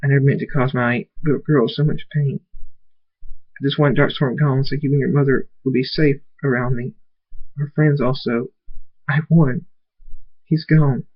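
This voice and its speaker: A man voicing a devoted stallion father in a soft, earnest everyday voice, on a dull lo-fi recording. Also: medium pitch, steady tone, moderate pace, pauses often, lightly acted. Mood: tender.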